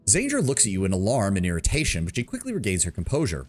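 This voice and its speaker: A man's voice: deep voice, huge pitch swings, fast talker, hardly any pauses, a little mellow. Joking, profane male streamer. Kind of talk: casual gameplay commentary.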